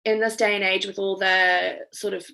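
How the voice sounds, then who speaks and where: A woman's voice: medium pitch, little pitch movement, moderate pace, creaky, bright, forceful tone. A young woman from New Zealand with a slightly Australian-tinged accent, chatting casually over a video call with lots of ums. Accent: New Zealand, with some Australian. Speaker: veterinarian giving a talk.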